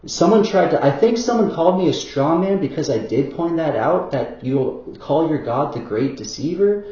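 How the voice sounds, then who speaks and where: Man, mellow tone, loose rambling monologue with many fillers and restarts, roomy dull recording. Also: medium pitch, moderate pace. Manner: rambling and hesitant, full of fillers and self-corrections; apologetic asides. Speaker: vlogger.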